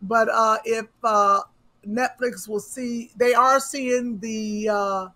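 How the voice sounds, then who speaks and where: High-voiced animated woman host. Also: slow pace. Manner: animated storytelling and teasing. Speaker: podcast host. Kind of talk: casual chat.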